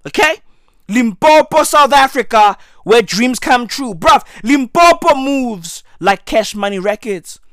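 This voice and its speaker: A man delivering a profane comedic rant to camera, slangy and repetitive, with sudden loud outbursts. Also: extremely high pitch, animated, a little slow, no room sound, clean studio sound. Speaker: comedic ranter.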